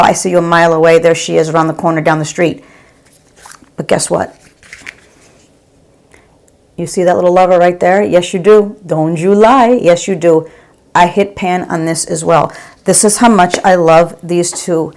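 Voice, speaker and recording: Middle-aged woman beauty vlogger, lower voice, effusive and chatty, casual home recording. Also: a little mellow. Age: 40s or 50s. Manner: gushing, chatty, calls viewers girl. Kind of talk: casual makeup review to camera.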